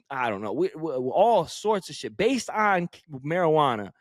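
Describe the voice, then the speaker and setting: A man's voice: on the high side, very animated, a little slow, hardly any pauses, no room sound, studio quality. An American man co-hosting a podcast, ranting emphatically and swearing in opinionated casual chat. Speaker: podcast co-host. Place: podcast studio.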